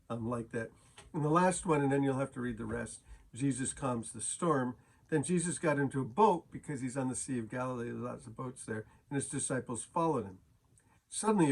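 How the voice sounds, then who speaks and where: A man's voice: medium pitch, darkish tone, slightly rough. A man teaching a daily Bible chapter as a pastor, casual and conversational, with frequent fillers and restarts.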